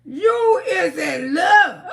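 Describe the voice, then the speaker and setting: Woman livestream host, high voice, gravelly, loud and laughing. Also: lively intonation, drawn-out words. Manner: loud, laughing, storytelling with lots of cursing. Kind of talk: casual livestream commentary.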